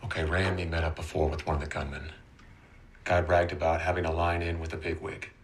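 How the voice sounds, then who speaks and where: An actor playing a guarded, streetwise small-time dealer who has turned informant. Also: male voice, low voice, flat delivery, quick pace, slight background noise, natural voice. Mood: wary. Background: film score music.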